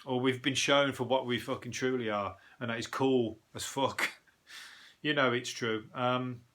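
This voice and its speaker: This man speaks in a mid-range, fairly bright voice with a steady tone, going a little slowly. He's a Birmingham-born comic with a Brummie accent, hosting a show where he swears, rambles over the news, and cracks himself up.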